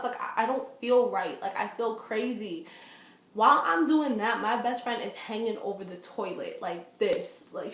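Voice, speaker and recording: Chatty woman in an echoey room. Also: on the high side. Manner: animated, lots of fillers, acts out quoted voices. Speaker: vlogger. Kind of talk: storytime vlog.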